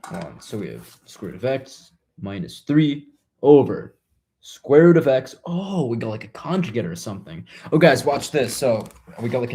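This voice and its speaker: A man's voice: medium pitch, warm tone, husky. A young man casually thinking aloud to himself and his viewers while working through math homework in a small room. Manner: muttering to himself, trailing off, self-talk. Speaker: vlogger doing homework on camera.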